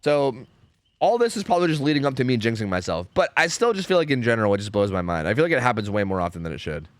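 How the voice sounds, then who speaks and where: A man's voice: medium pitch, sing-song, rapid-fire, dry recording. Young guy streamer rambling and cussing, sarcastic, voice bouncing all over. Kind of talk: casual chat with viewers.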